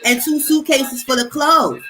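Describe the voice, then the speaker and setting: A young woman hosting a casual chat, telling a long story in an animated, streetwise, profane way. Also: sits high, a little slow, poor audio. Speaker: host.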